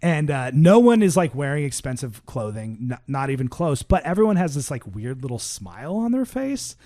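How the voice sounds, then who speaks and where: Animated male storyteller acting out voices. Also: on the high side, moderate pace. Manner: animated, acts out quoted voices, frequent "like" and "right?". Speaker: podcast co-host telling a story. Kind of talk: casual storytelling chat. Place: podcast recording.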